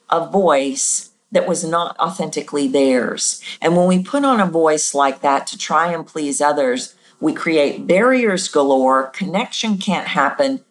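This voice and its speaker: Animated woman host with a low voice. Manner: animated, demonstrates voices by jumping pitch. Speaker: podcast host and voice coach. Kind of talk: casual teaching monologue.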